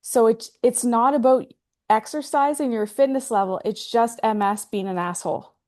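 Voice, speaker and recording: High-voiced woman hosting an interview. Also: normal speed, a little mellow. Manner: sympathetic questioner with frequent short affirmations. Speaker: host. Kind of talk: casual interview.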